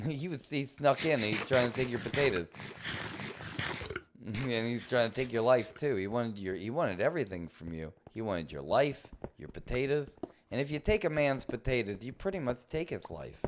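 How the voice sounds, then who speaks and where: A male livestreamer talking over his gameplay with a lively, swooping delivery. He rants in mock outrage and jumps into high, excited outbursts before settling back down. Faint hiss sits under his voice. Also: normal speed. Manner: animated, mock-indignant playful ranting. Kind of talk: live gameplay commentary.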